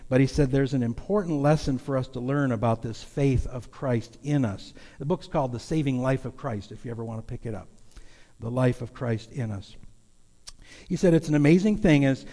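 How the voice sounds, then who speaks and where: With a long reverb tail behind him, a pastor speaks in a mellow, medium-pitched voice. His sermon in the church sanctuary is folksy and confessional, delivered conversationally and candidly to the congregation.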